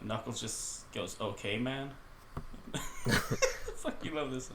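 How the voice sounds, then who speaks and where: A man's voice: medium pitch, expressive, slow pace, noisy background. A man co-hosting a casual comedy podcast, full of crude jokes and swearing. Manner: crude jokey banter, swears a lot. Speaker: podcast co-host.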